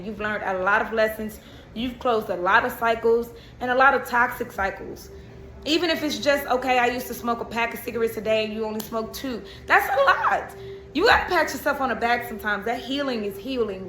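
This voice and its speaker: Woman, tarot reader, chatty, bright voice, echoey room. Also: fairly high pitch, a little hiss or hum. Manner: chatty, laughs and breaks into song. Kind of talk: casual tarot reading.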